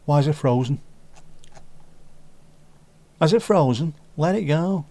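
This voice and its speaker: A man's voice: on the high side, expressive, takes it slowly, dark tone, dry recording. A man with a Scouse accent from Liverpool, hosting a casual livestream and chatting jokily with his viewers. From Liverpool, England. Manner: chatty, jokey, reads out chat comments. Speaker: livestream host. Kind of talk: casual live chat with viewers.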